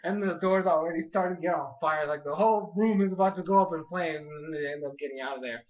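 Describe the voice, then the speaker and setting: An excitable man with a high voice rambles through a casual episode recap, tossing in filler words constantly. The sound is dull and lo-fi, like a cheap home recording. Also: fast talker. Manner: excitable, rambling, heavy use of "like" and "oh my gosh". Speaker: anime show reviewer.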